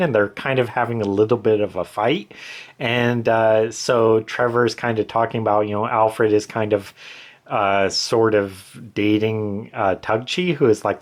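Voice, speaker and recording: A man with a somewhat low voice talks casually over his own screen, walking through edits one by one. He rambles, restarts sentences and leans on fillers as he thinks aloud. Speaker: author explaining his edits. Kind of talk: casual explanation to camera.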